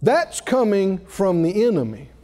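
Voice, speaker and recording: A man's voice: high voice, very animated, unhurried, dark tone. A male preacher delivering a sermon, telling a story with laughter and rising exclamations. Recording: reverberant hall.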